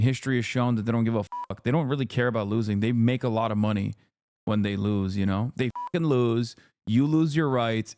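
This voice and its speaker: A man's voice: medium pitch, a little hiss or hum. Profane, sarcastic man ranting on stream. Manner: profane, sarcastic, fast rants. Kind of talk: live stream reaction.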